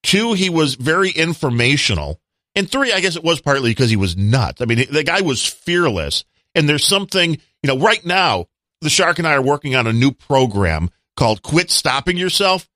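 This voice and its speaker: A man's voice: on the high side, very animated, moderate pace, pushed and bright, dry recording, studio quality. A man co-hosting a podcast, chatting casually and joking with rambling asides. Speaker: podcast co-host. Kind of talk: casual chat.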